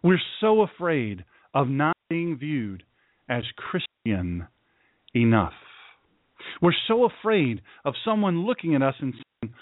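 A man's voice: on the high side, sing-song, takes it slowly, dry recording. Man preaching over a tinny line. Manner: earnest, folksy, emphatic with repeated phrases. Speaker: radio show host. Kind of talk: preachy radio monologue. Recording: dry, tinny phone-like sound.

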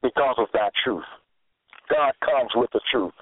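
A man's voice: medium pitch, measured pace, no room sound. A man preaching a sermon, exhorting and scolding his listeners and repeating his phrases. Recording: tinny phone-like, dry sound.

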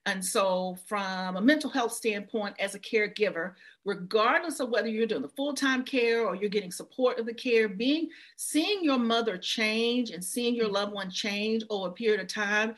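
A woman's voice: mid-range voice, moderate pace, few pauses, a bit bright. A middle-aged woman speaking as a guest, telling her own story earnestly and acting out quoted voices. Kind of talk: heartfelt interview talk.

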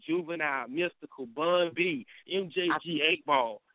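A man hosting a casual morning chat show, telling animated stories, mimicking people and laughing a lot. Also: fairly high pitch, moderate pace, dry recording. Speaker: show host. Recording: tinny phone line.

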